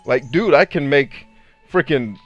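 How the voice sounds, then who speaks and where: A man casually chatting with viewers on a live game stream, animated, laughing often and swearing freely. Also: mid-range voice, unhurried, muffled recording, soft background music. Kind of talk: casual live-stream chat while gaming.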